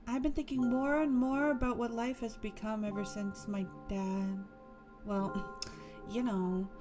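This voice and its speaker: A woman's voice: a little high, little pitch movement, measured pace, music in the background. A woman streamer reading a visual novel aloud while playing, playful and laughing often.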